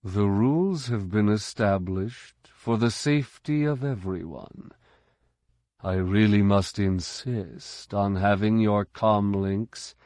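A man voicing a sly, smooth-talking male security officer, amiable on the surface and quietly menacing. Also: fairly low pitch, no echo, studio quality. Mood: cold.

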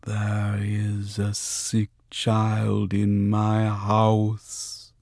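A man reading an audiobook, voicing a spirit that speaks through a young woman in a slow, thick, prophetic voice. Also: fairly low pitch, completely flat delivery, vocal fry, a little mellow, no room sound, clean studio sound, voice pushed up, full character voice. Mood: ominous prophecy. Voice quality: thick, glutinous voice. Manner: slow, drawn-out, prophetic menace.

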